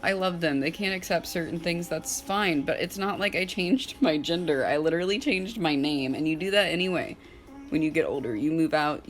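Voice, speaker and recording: A young woman, talking casually and candidly to camera in a personal vlog, full of "like" and open about her feelings. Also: on the low side. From Southern United States. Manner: casual, candid, filler-heavy, with frequent "like"; openly emotional at times.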